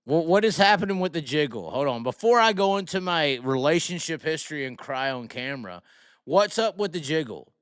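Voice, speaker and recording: A man's voice: a little high, animated, brisk, a bit bright, clean tone, no room sound, clean studio sound. Rambling, incredulous male streamer. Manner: rambling, incredulous, lots of restarts and asides to viewers. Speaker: livestream host. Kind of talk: casual live-stream commentary.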